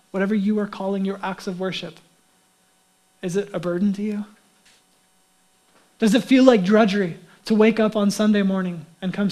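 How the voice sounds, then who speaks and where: High-voiced man preaching a conversational sermon. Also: a little mellow. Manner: conversational, acts out quoted voices. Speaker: pastor.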